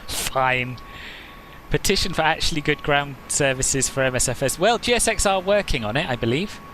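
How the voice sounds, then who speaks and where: A man's voice: a little high, moderate pace, a bit bright, a little hiss or hum. A man hosting a flight simulator live stream, chatting casually, answering viewers' comments and laughing often.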